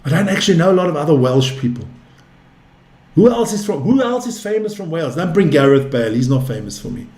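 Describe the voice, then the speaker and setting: A man's voice: a little high, sing-song, fast talker, darkish tone. Chatty man calling darts scores. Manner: chatty, calls scores and answers viewer chat. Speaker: darts commentator and stream host. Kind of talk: casual live darts commentary. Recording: roomy echo.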